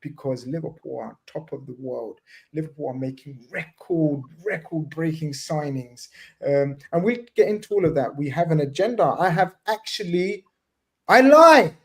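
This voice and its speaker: A man hosting a casual fan panel over a video call, playful and excitable with jokey banter. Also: a little high, normal speed. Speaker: podcast host.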